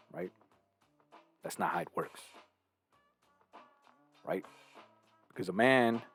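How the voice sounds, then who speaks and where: A man's voice: fairly low pitch, gravelly, a bit bright. A man hosting a casual monologue, preaching his views and asking "right?" again and again, sometimes acting out other people. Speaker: host.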